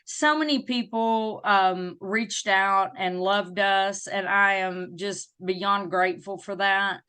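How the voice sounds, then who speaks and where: A middle-aged woman with a Southern US accent, a guest telling a personal story in an interview with emphatic, faith-filled warmth. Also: mid-range voice, slow pace, clear, resonant tone. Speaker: guest, disability advocate.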